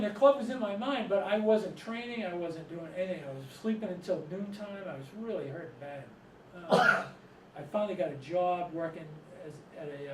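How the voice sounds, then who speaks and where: Speaking to a live audience, a middle-aged Massachusetts author and storyteller with a fairly high voice wanders through anecdotes and chuckles as he goes. A distant mic picks him up in an echoey room, with steady noise running beneath his voice.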